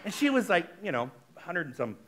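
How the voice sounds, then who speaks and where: A man giving a sermon as a minister, talking in a chatty, animated way and speaking straight to the congregation. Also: sits high, brisk, background noise. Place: spiritual center service.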